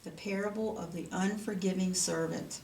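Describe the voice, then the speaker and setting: A woman's voice: lowish voice, steady tone, moderate pace, creaky, darkish tone, a little hiss or hum. A woman teaching Sunday school, reading a rhyming children's story aloud in a sing-song cadence. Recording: roomy, from a distance.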